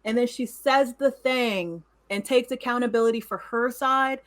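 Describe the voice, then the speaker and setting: A woman's voice: a little high, normal speed. Earnest woman co-host reflecting aloud. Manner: earnest, reflective, laughs between points. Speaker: podcast co-host. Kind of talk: casual chat.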